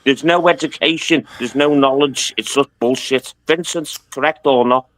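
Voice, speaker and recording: A man with a bright, forceful voice, arguing hotly on a live-stream panel. His delivery is blunt and profane, and it sits close and dry on the mic. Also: medium pitch, moderate pace, no room sound. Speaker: panel guest.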